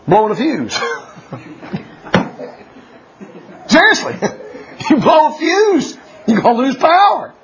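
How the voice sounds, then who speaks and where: A man preaching a folksy sermon, laughing often and swinging from loud declarations to hushed asides. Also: very high-pitched, wildly swooping pitch, drawn-out words, long pauses, slight background noise. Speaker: pastor. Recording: dull lo-fi church recording.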